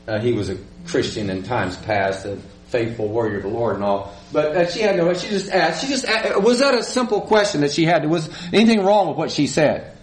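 A man's voice: medium pitch, expressive, normal speed. A middle-aged male pastor gives a conversational sermon, asks the congregation questions and acts out small quarrels.

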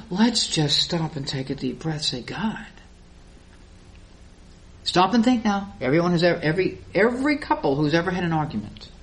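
A woman delivers a sermon in a voice pitched a little high. She is animated and plays out arguments in quick, put-on voices, then sinks to a soft hush when she wants a point to land. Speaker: Bible teacher.

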